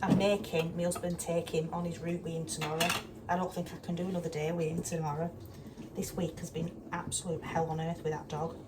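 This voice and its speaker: This vlogger talks a little fast in a low, level tone while cooking in her chilly kitchen, sounding down to earth and exasperated in casual chat. Pans and dishes clatter loudly, picked up by a distant mic.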